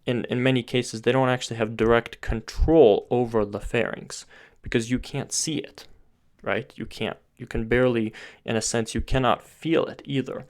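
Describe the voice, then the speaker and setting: Speaking at normal speed in a steady, mid-range voice, this man walks through singing technique step by step. He keeps restarting his sentences while thinking aloud and gestures as he talks, pointing at his throat and face.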